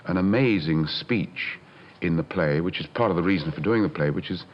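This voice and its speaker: An older man reflects on his career, pausing and restarting. His voice is very low. The recording sounds dull and lo-fi. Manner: halting, reflective. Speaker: interviewee actor.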